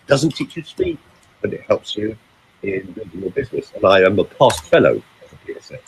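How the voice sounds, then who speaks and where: A man, a vocal coach, talking in a podcast chat and demonstrating delivery with lively emphasis. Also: lowish voice, a little fast, gravelly, a little hiss or hum.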